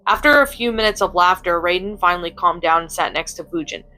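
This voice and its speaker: A woman reading a fan story aloud in plain, steady narration. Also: lowish voice, fast talker, poor audio. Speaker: story reader.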